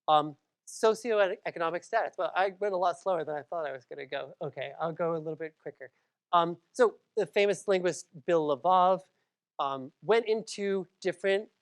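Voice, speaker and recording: A woman from Massachusetts giving a public library lecture, conversational, with frequent ums and asides to the audience. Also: low voice.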